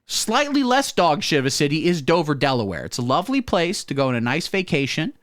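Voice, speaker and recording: A man hosting a profane satirical comedy monologue with deadpan absurd jokes. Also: fairly high pitch, fast, no echo, clean studio sound. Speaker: comedy host.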